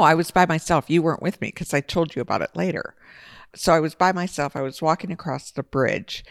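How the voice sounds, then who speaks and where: A woman co-hosting a podcast, telling a personal story in a casual, lively way with big jumps in pitch. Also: creaky, no room sound, studio quality. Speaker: podcast co-host.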